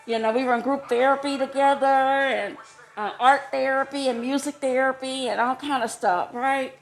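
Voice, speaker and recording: A woman telling a casual personal story, chatty and quick to laugh, her voice jumping high when she gets excited. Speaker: vlogger. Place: homeless shelter.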